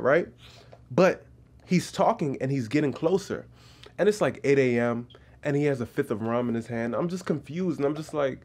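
A young man tells a travel story in a casual, chatty voiceover. His delivery stays animated, and he acts out the people he met along the way. His voice sits at an ordinary middle pitch. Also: a little fast. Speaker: travel vlogger.

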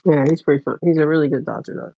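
A man's voice: fairly high pitch, steady tone, rapid-fire, gravelly. A man telling personal stories in a rambling, casual way, with restarts and laughter. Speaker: vlogger. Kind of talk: casual storytelling. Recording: dull lo-fi dry recording.

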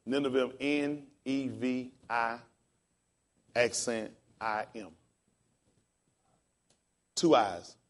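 Male pastor, mid pitch, unhurried, casual teacher who spells terms out letter by letter. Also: steady tone. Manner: spells words out letter by letter, upbeat and encouraging.

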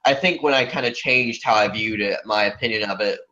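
A man's voice: on the low side, a little fast, sharp tone. A man co-hosting a podcast in casual chat, rambling and hedging as he talks. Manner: rambling, with many fillers and hedges. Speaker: podcast co-host. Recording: muffled lo-fi podcast audio.

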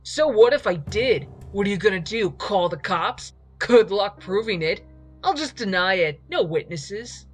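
A woman's voice: mid-range voice, animated, unhurried, slightly rough, soft background music, pitched above the performer's own voice. A woman voicing a scornful young man who taunts and threatens. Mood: sneering. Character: sneering young male bully.

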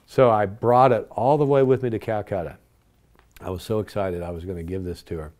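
Older man, mellow lowish voice, earnest reminiscing, lively in dialogue. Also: brisk. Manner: earnest, animated when quoting dialogue. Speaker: interview guest. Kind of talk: personal storytelling.

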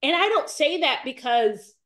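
A woman's voice: animated, moderate pace, fairly bright tone. A woman in her forties speaks as a podcast guest in an earnest, emotional testimony of faith. She is close to tears, circles back on her key phrases and lets her voice climb as feeling builds. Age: 40s. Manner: earnest, repeats phrases, rises in pitch as she grows tearful. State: near tears.

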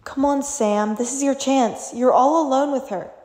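A woman's voice: sits high, normal speed, a little mellow, close to an everyday voice. Woman doing an echoey lovestruck inner voice. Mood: coaxing. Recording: echoey reverb effect.

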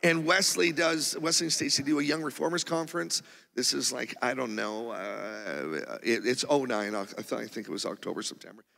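A man telling a personal testimony from the pulpit in an animated, rambling way, with many restarts. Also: medium pitch, moderate pace, vocal fry. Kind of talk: testimony sermon. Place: church auditorium. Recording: long reverb of a church hall.

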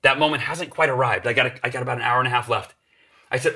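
A man in his forties, a podcast guest telling an animated story and acting out the voices of the people in it. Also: mid-range voice, rapid-fire. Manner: acts out voices in his stories, energetic.

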